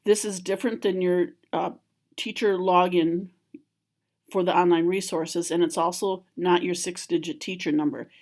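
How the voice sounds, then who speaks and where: A woman with a fairly low voice walks through a screen-recorded software tutorial at a moderate pace. Like a school library trainer, she calmly and plainly explains each step, guiding viewers through clicks and menus.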